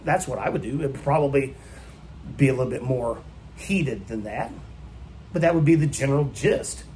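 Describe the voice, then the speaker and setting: A man's voice: mid-range voice, moderate pace, darkish tone, a little hiss or hum. A man preaching a sermon in a church, emphatic and full of rhetorical questions put to the congregation. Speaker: pastor.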